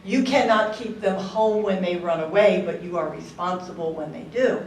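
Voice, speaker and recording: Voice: medium pitch, moderate pace, slight background noise. An audience member earnestly posing a question from the floor at a workshop. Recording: echoey hall, distant mic.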